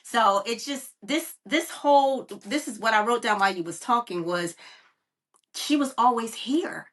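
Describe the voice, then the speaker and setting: A woman podcast guest speaking candidly and haltingly, often acting out her own inner self-talk. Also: a little high, expressive, fairly bright tone, far from the mic. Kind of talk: casual testimony.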